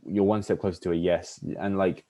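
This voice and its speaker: Deep-voiced young man, rambling. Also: fairly even intonation, a little fast, noisy background. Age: young adult. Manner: rambling, many fillers and restarts, acts out pickup lines. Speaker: podcast host. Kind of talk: casual chat.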